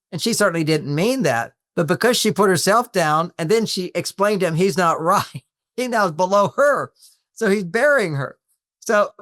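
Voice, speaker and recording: A man's voice: high-pitched, fairly bright tone, dry recording, clean studio sound. An older man, a relationship author, explaining workplace advice in a conversational way and acting out little bits of dialogue. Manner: explanatory, acts out example dialogue in quick little voices.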